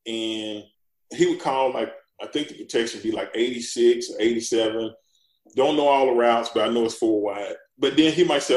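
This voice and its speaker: A man's voice: mid-range voice, fairly quick, roomy sound, rough recording. A man, a former pro football lineman, telling stories in a casual chat and acting out the quotes. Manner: animated storyteller, acts out quotes. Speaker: former NFL lineman guest.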